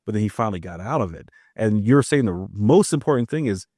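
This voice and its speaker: Male podcast host from Maryland. Low, dry and close-miked, a chatty storyteller who quotes family dialogue. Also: expressive, fast talker, darkish tone, no room sound. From Maryland, USA. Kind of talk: casual podcast conversation.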